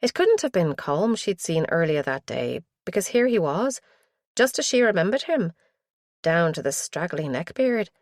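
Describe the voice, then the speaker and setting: Woman narrator, low voice, measured thriller reading, dry studio sound. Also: very animated, no room sound. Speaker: audiobook narrator. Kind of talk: scripted narration.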